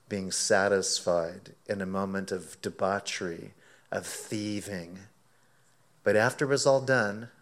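A man preaching, telling a lively anecdote as a sermon illustration and acting out his own quoted words, often laughing. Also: on the low side. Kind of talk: sermon illustration told as a story.

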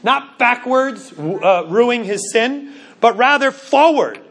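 A man preaching a sermon in an earnest way, slowing down for emphasis and often restarting his words. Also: very high-pitched, lively intonation, creaky, fairly bright tone. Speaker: pastor.

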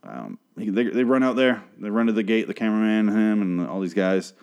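A man recapping a TV episode in a casual monologue, rambling and profane, breaking off to act out the characters' lines in animated voices. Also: on the low side, fairly quick, clean tone, lo-fi sound. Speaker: show recapper.

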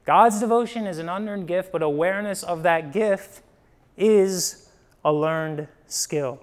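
A young man from Ohio, the Midwest, preaching a sermon in a conversational storytelling way, often asking "right?" and swinging between emphatic bursts and quiet drops. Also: high-pitched, a little slow, clear, resonant tone. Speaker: pastor.

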